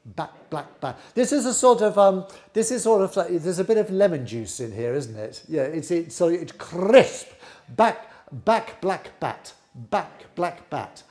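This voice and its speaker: A middle-aged man teaching a live flute masterclass, encouraging his students and leading them through tongue twisters that he repeats slowly. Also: high-pitched, lively intonation, warm tone.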